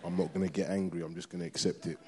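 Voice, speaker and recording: A man giving a personal testimony to a church congregation, hesitant and halting with many pauses. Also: sits low, flat delivery, dark tone.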